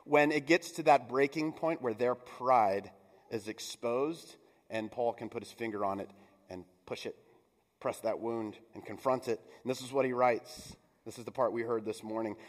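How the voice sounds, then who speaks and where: A man's voice: medium pitch, steady tone, normal speed. A middle-aged man giving a sermon as pastor, conversational, with playful asides and mock voices. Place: church sanctuary. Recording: long church reverb.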